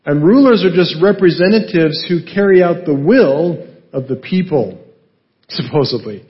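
A male pastor teaching a Bible passage in a relaxed, conversational way, asking rhetorical questions and often adding "right?". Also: fairly high pitch, moderate pace, muffled recording.

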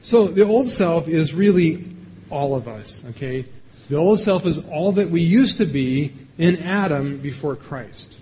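A man's voice: on the high side, lively intonation, measured pace, mellow, slight background noise. A man preaching a sermon in a conversational way, asking his listeners questions and acting out little voices to illustrate. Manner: conversational, asks the audience questions. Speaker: pastor.

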